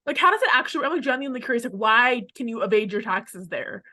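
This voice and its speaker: A young woman from Canada co-hosts a chatty podcast, wandering off topic and filling every gap with "like". Her voice is bright and a little high. She talks in a loose, casual way. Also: expressive, fast talker. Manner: rambling, chatty, heavy use of "like". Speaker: podcast co-host. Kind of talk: casual chat.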